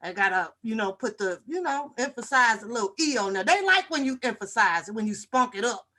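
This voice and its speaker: Brash, bright-voiced woman livestream host. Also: on the high side, expressive, brisk. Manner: brash, profane, joking, repeats greetings. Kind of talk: casual livestream chat greeting viewers.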